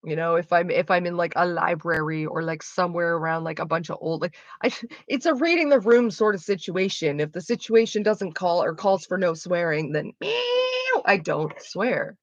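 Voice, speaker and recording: A woman's voice: lowish voice, moderate pace, no echo, lo-fi sound. A woman livestreaming, answering her chat in a frank, chatty way and swearing freely. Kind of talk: casual chat.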